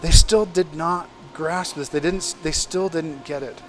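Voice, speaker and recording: A man's voice: on the high side, unhurried, faint music behind. A man preaching a casual sermon, retelling scripture in everyday, conversational language.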